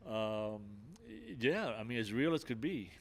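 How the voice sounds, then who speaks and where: A man's voice: mid-range voice, very animated, unhurried, vocal fry, breathy edge. An older man, a podcast guest, earnestly recounting a personal experience in conversation, with many restarts and filler phrases. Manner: earnest storytelling, many restarts and "you know".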